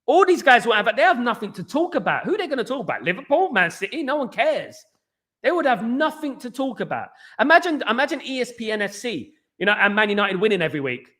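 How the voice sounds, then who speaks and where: A man hosts a casual live fan stream, firing off words at a rapid clip. His voice sits high and bright. He keeps chatting to viewers and reading out their comments. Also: very animated. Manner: very fast-talking, reads out viewer comments.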